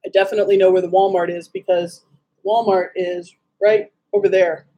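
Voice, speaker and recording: Woman from Wisconsin, chatty livestream host, breathy husky tone, snarky asides. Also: mid-range voice, flat delivery, fairly quick, lo-fi sound. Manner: chatty, greets viewers by name, snarky asides. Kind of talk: casual livestream chat.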